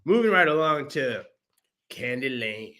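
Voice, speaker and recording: A man's voice: medium pitch, very animated, measured pace, sharp tone. A young man co-hosting a podcast, chatting casually and jokingly about movies, laughing often. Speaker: podcast co-host. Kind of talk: casual movie review chat.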